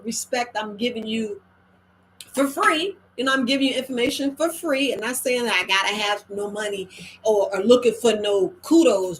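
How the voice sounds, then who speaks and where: Animated woman herbalist, slangy monologue. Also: on the high side, a little hiss or hum, low-quality recording. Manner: animated, acts out quoted voices, slangy. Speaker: herbalist host. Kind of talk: casual monologue.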